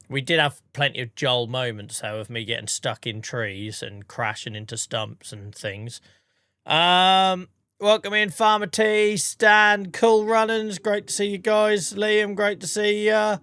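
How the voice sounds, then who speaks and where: A man's voice: on the high side, pushed and bright, clear, resonant tone. A man in his thirties, a streamer, chatting casually with his viewers, a bit out of breath, greeting people by name and swearing now and then. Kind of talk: casual live-stream chat.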